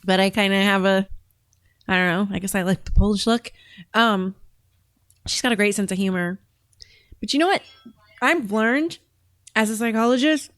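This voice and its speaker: A woman's voice: medium pitch, normal speed, long pauses, a bit bright, no echo. A woman hosting a show and reacting to videos in a chatty, rambling way, often laughing. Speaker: host. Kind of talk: casual reaction commentary.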